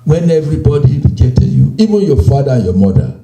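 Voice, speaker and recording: A man preaching a sermon, slow and emphatic, repeating phrases and quoting scripture. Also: a little high, very animated, gravelly, warm tone, echoey room, soft background music, poor audio. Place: church.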